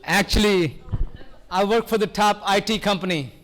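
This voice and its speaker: An older man from India doing a loud, fast-talking live stand-up routine, joking with the crowd at a variety show. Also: high-pitched. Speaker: stand-up comedian.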